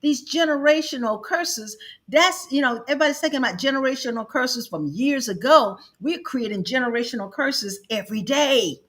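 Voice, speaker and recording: A woman's voice: high voice, lively intonation, moderate pace, fairly bright tone. A middle-aged woman hosting an advice show, speaking emphatically and acting out quoted family members as she counsels. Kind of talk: counseling talk.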